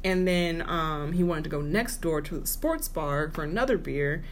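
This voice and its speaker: A lowish-voiced woman tells a dating story on a podcast, acting out the people in it with lively swings of voice. Her voice has a slightly low pitch, and steady background noise runs under the recording. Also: moderate pace. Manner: animated, mimics voices in her stories. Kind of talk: casual storytelling chat.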